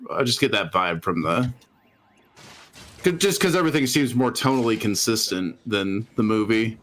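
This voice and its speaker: A man's voice: fairly low pitch, expressive, normal speed, fairly bright tone. A man co-hosting a podcast in casual chat, rambling with frequent restarts and chuckles. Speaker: podcast co-host.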